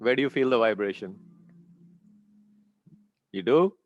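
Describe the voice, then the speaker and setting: A man leading a group in a meditation and chanting lesson, speaking calmly, giving steps and checking in often with "okay?". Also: mid-range voice, a little slow, dull audio, a little hiss or hum. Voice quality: sweating, a little warm. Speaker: meditation teacher. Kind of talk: guided breathing and chanting lesson.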